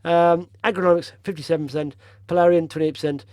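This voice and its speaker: A man's voice: fairly high pitch, steady tone, fast, darkish tone, no echo. A man hosting a casual stock-picking video, talking over charts in a chatty, rambling way with blunt opinions, tired after a long drive.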